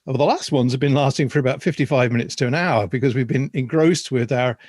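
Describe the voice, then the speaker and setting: A man's voice: mid-range voice, fast, darkish tone, no echo, clean studio sound. A man hosting a podcast, speaking in a rambling, hesitant, reflective way and laughing easily. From Ireland. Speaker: podcast host. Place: video call.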